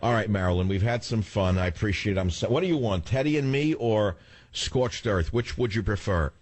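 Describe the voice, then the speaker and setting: A man's voice: fairly low pitch, lively intonation, brisk, darkish tone, no room sound. An older man hosting a talk radio show, theatrical and wisecracking, chatting with callers and musing on air. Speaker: radio host. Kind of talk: talk radio chat and monologue.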